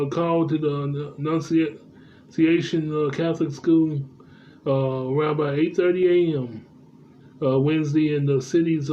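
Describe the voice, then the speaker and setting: This mellow male voice on the high side belongs to a news vlogger who halts through reports he reads aloud, constantly saying "uh" and starting over. It's casual commentary, and the recording sounds dull and lo-fi with a bit of background noise.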